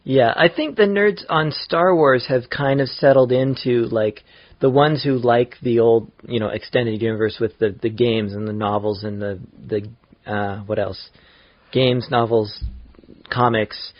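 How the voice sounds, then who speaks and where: A man's voice: medium pitch, a little slow, dry recording. A man co-hosting a podcast, chatting casually, often restarting and trailing off. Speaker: podcast co-host. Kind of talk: casual chat. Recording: dry, dull lo-fi podcast audio.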